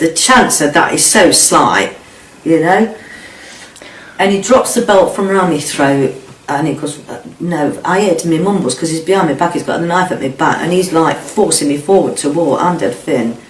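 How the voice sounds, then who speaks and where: A man's voice: fairly high pitch, a little hiss or hum. A middle-aged man speaks bluntly in an interview, swearing and stumbling over his words as he recounts events. He sits back from the mic, so his voice sounds distant in a roomy, echoing space with faint ambience behind it. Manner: blunt, sweary, halting retelling. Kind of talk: personal testimony.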